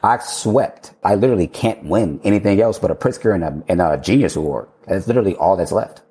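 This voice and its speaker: A man, an architect guest on an interview show, telling his story in a lively, casual way, acting out his own past lines, laughing and swearing freely. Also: sits low, fast talker. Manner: animated, quotes himself, swears and laughs freely.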